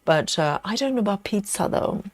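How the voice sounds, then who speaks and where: A friendly, chatty woman hosts a live stitch-along, reading viewer comments and rambling happily between them. Her voice sits at a middle pitch and sounds close and dry, with little room sound. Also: animated, brisk, dry recording. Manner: chatty, reads viewer comments aloud, frequent ums and you-knows. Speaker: livestream host. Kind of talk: casual live chat while stitching.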